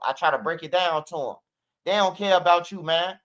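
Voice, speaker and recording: Speaking a little fast in a high, slightly bright voice, a livestream commentator from Chicago delivers a casual, profane, rambling rant peppered with "bro," "man" and frequent laughter. The audio is muffled, lo-fi stream quality.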